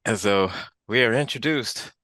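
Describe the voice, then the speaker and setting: A low-pitched man talks loosely with a co-host, acting out lines from an episode as he goes. His voice sits close and dry, with no room around it. The delivery is relaxed and animated. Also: moderate pace, dry recording. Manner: animated, acts out characters' lines. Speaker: podcast co-host. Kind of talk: casual chat.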